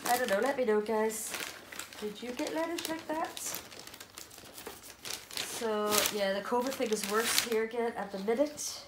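A woman's voice: on the high side, unhurried, pauses often, heavy background noise. A middle-aged woman with an Irish accent, chatting casually while unboxing dolls, gasping and gushing with delight. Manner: gushing, gasping, exclaiming "oh my goodness". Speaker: doll collector vlogger.

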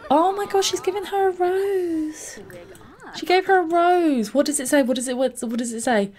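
A young woman, a let's play host, giving gushing, excitable gameplay commentary full of exclamations. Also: extremely high pitch, moderate pace, faint music behind.

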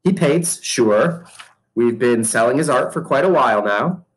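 A man reading aloud voices a hot-tempered middle-aged mall owner, talking loud and pushy. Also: lively intonation, a little slow, close to an everyday voice, low-quality recording. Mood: eager salesman. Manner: loud, high-pitched and pushy.

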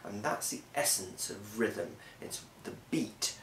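Man, teacher, slow measured delivery, lowish voice, frequent ums, echoey room, mic at a distance. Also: creaky, fairly bright tone. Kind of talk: explanatory lesson. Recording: roomy, from a distance, faint hiss.

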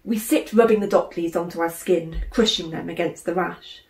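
A woman, an author, reading her children's novel aloud in measured, expressive narration. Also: fairly low pitch. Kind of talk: audiobook narration. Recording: roomy room echo.

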